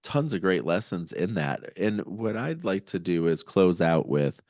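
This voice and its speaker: A man's voice: low-pitched, very animated, measured pace, a little mellow, no room sound, studio quality. A man hosting a podcast interview, encouraging and affirming toward his guest. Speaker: podcast host. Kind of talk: casual interview conversation.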